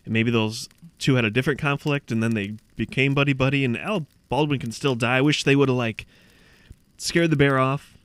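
A man's voice: mid-range voice, moderate pace, fairly bright tone, clear, resonant tone, dry recording. A man in casual podcast chat about a movie, laid-back, adding short remarks and opinions. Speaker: podcast co-host.

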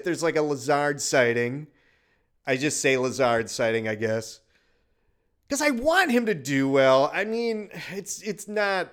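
Man from wisconsin, high-pitched, very lively delivery, exasperated and profane, casual sports podcast rant. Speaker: podcast host.

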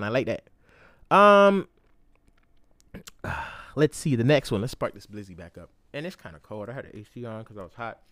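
A young adult man hosting a casual solo podcast, talking in slang and jumping into loud, high voices when he acts out other people. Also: no echo. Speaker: podcast host. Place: indoor room.

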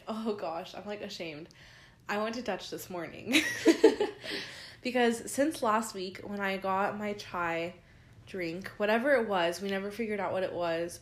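Tired young woman, chatty storyteller. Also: mid-range voice. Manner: chatty storytelling with many likes and ums. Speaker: podcast co-host. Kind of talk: casual chat. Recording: roomy echo.

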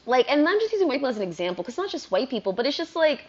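A woman vlogger ranting casually, rambling and animated, full of "like". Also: high voice, very fast. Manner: rambling, animated, heavy use of "like". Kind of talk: casual rant to camera. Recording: dull lo-fi recording.

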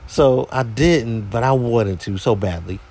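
A man's voice: mid-range voice, a little slow, darkish tone. A man hosting a podcast, telling a story in a casual, slangy, exasperated way. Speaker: podcast host.

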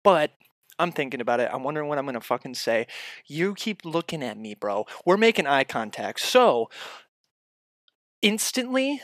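A man delivering a profane comedic rant straight at the listener, swinging between loud outbursts and muttered asides. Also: medium pitch, animated, a little fast, no echo, clean studio sound. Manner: heavy swearing, addresses the listener directly.

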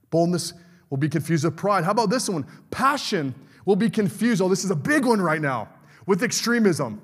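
A man's voice: sits high, expressive, brisk, breathy edge, long reverb tail. A middle-aged male pastor preaching a fervent sermon, calling out to the congregation for amens.

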